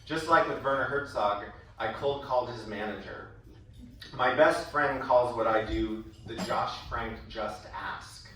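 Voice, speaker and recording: A man speaks a little slowly in a mid-range voice, giving a prepared school-event speech built on stories and livening up when he quotes others. The recording is distant and echoey, with slight background noise.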